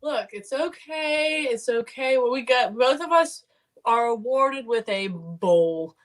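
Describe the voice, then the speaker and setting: A woman co-host of a sports betting show, pitched a touch high. She rambles and jokes at her own expense in loose, casual chat. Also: expressive, takes it slowly, noisy background. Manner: joking, rambling, self-deprecating.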